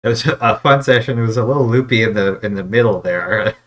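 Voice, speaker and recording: A man's voice: on the low side, brisk, fairly bright tone. A man narrating as game master of a tabletop game, talking hesitantly with many fillers.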